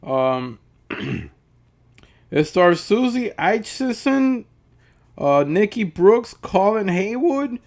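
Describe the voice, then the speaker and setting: A man's voice: sits high, big pitch swings, very slow, gravelly, long pauses, a little mellow. A man giving a casual, rambling horror movie review. He talks bluntly, swears, and often restarts his sentences.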